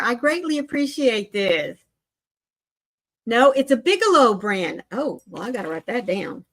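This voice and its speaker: An older woman with a somewhat high voice hosts a relaxed crochet livestream from home. She chats along, greets viewers one by one, and gushes with animated exclamations. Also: measured pace. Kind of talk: casual livestream chat.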